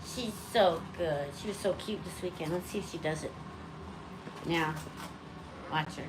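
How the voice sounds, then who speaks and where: A woman's voice: measured pace, noisy background. A woman who hosts a pet bird channel, chatting casually at home and cooing at her birds. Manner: chatty, rambling, coos at her birds in a high sing-song voice. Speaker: parrot owner and channel host. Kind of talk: casual home vlog chat.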